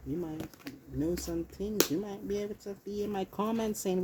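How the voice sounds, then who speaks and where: Handling her cards while muttering and cursing, a British-accented tarot reader offers a loose, chatty collective reading. She speaks at normal speed in a mellow, mid-range voice over slight background noise.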